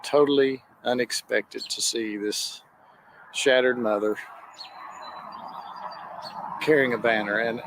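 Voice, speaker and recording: A man's voice: medium pitch, fairly even intonation, slow, long pauses. A man recounting a photographer's moment at a parade, hesitant and emotional as he tells it. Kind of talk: recorded interview clip. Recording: clip with clear background noise.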